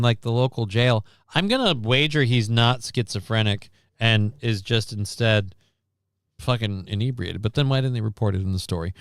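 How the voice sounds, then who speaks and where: Gravelly, wry man hosting a casual news stream. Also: mid-range voice, no echo, clean studio sound. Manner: rambling, sarcastic, profane. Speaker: livestream news host.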